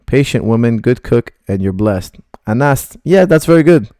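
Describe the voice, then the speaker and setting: A man's voice: medium pitch, lively intonation, moderate pace, dark tone, dry recording, clean studio sound. A middle-aged man, a martial arts coach, bluntly rambling through viewer questions on a live stream.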